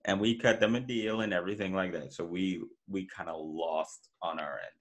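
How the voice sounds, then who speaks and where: A man hosting a casual podcast chat, answering in a relaxed way. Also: low voice, normal speed. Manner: relaxed, short agreeing replies. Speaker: podcast host.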